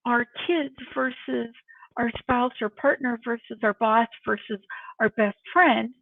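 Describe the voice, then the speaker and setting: A middle-aged woman coaching on workplace confidence. Her voice is fairly high, husky and gravelly, and she talks in a chatty, self-mocking way. The sound is tinny and phone-like, picked up from some way off the mic. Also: no room sound, distant mic. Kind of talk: casual tips talk to camera.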